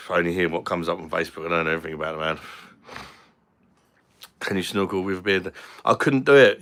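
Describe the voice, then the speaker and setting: A man's voice: lowish voice, fairly bright tone. A young Englishman hosting a casual live stream, chatting and joking with viewers as he reads their comments. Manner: chatty and jokey, swears casually.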